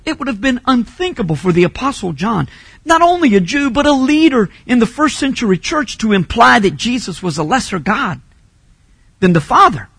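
A man preaching a sermon as a pastor, teaching Bible points and rising to emphatic shouts on key phrases. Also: high-pitched, creaky, breathy edge, dry recording.

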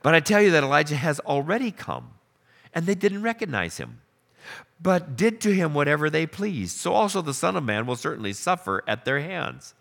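A man preaching a sermon, telling the story with animated questions and acted-out lines. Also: on the high side, normal speed, gravelly. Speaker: pastor.

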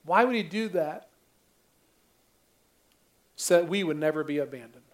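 A man's voice: on the high side, lively intonation, measured pace. A man preaching a sermon earnestly, often repeating phrases and stumbling over his first words. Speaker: pastor.

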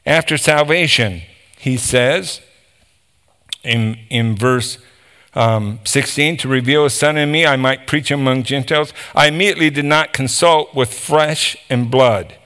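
A man's voice: mid-range voice, unhurried, sharp tone, clear, resonant tone. A man preaching a sermon, explaining scripture with emphatic asides and reading passages aloud.

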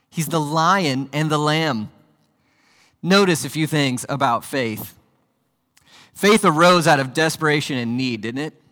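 Preaching man, dramatic delivery, church reverb. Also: medium pitch. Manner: dramatic, swings from hushed to loud and urgent. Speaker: pastor. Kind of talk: sermon. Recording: long hall reverb.

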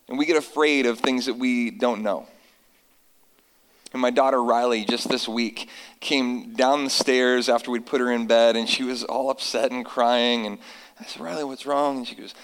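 A man, likely in his thirties, preaching a sermon to his congregation, telling family stories and reading scripture slowly for emphasis. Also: mid-range voice, a bit bright, long reverb tail, poor audio. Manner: earnest, storytelling with slow emphatic scripture reading. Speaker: pastor.

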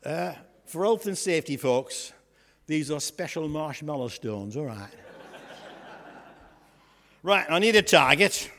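A man's voice: on the high side, lively intonation, a little slow, pauses often, fairly bright tone. Man playing a cheeky shepherd lad. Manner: chatty, jokey, asides to the congregation. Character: cheeky young shepherd lad, boastful and comic. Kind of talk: comic storytelling sketch in church. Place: church hall. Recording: echoey church hall.

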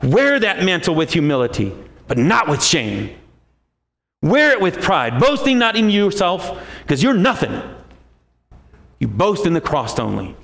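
Gravelly-voiced man preaching a sermon. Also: wildly swooping pitch, a little slow. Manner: emphatic preaching, rising to a high forceful pitch. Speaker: pastor.

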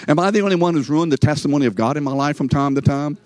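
A man's voice: on the high side, very fast, darkish tone, dry recording. An older man giving a sermon as a story, chatty and conversational, speaking straight to his listeners. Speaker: preacher.

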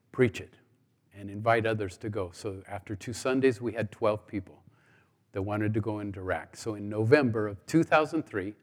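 A middle-aged man giving a sermon testimony, telling stories and acting out the dialogue with humor. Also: mid-range voice. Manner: storytelling, acts out dialogue with humor. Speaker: guest speaker. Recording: long hall reverb.

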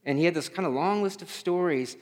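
A man's voice: fairly high pitch, brisk. A pastor delivering a conversational sermon; he often repeats words as he searches for them and asks his listeners questions. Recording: reverberant hall.

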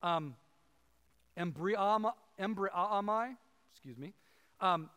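Male pastor, casual preaching with asides to the room, high voice, reverberant church. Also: slow, bright, forceful tone, clean tone. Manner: conversational, asides to the congregation. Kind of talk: sermon. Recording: long hall reverb.

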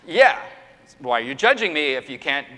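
A man's voice: medium pitch, big pitch swings, fast talker, pushed and bright. A middle-aged male pastor preaching an earnest sermon, full of emphatic rhetorical questions. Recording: long hall reverb.

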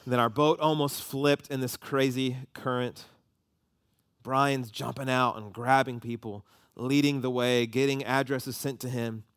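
Animated storytelling man. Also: mid-range voice, a little slow, clean tone, no echo, studio quality. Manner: animated storytelling, voices rising with emotion. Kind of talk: sermon storytelling.

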